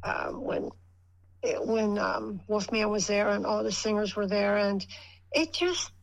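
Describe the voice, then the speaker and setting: An older woman speaking as a guest on a radio show, with a mid-pitched voice. She rambles through her story casually. She acts out the lines people said along the way. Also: flat delivery, measured pace, vocal fry, low-quality recording.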